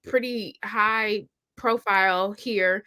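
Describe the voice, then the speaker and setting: Young woman guest, bright and forceful tone, emphatic storyteller who acts out her own past thoughts. Heard over a video call. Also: medium pitch, fairly even intonation, takes it slowly, clear, resonant tone. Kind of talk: personal storytelling in a conversation.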